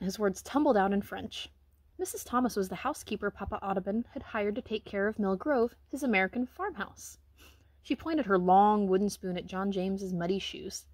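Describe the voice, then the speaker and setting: A woman reading a children's picture book aloud, with gentle, expressive storytelling. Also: medium pitch, brisk, no echo. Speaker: reader.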